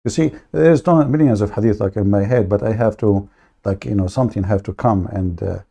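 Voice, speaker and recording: Gravelly and mellow with a breathy edge, the host's fairly low voice moves at a fairly quick clip. He's a combative man in the middle of a heated livestream rant, aggressive, mocking, and full of insults.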